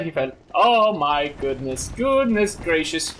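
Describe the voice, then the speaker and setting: A man playing through a video game, bursting into goofy exclamations. His voice sits high and bright, with big swings in pitch. He talks at an unhurried pace, and faint music plays behind him. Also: a little hiss or hum. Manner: excitable, loud outbursts and goofy exclamations. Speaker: gaming commentator. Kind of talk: let's play commentary.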